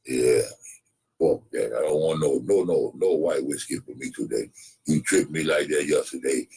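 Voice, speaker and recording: A man voicing a stern Apache chief who guards his land, speaking in slow, clipped, broken phrases with a husky tone. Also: a bass voice, mellow, full character voice, low-quality recording. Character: gruff low-voiced Apache chief, male, stern landowner.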